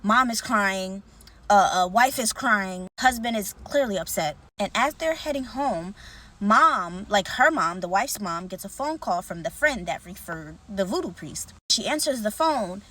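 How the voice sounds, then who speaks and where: A woman's voice: mid-range voice, lively intonation, measured pace, pushed and bright. A woman telling a scary story in a casual, chatty way, talking straight to her viewers and acting out what each person says. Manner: chatty, addresses the audience directly, acts out the characters' lines.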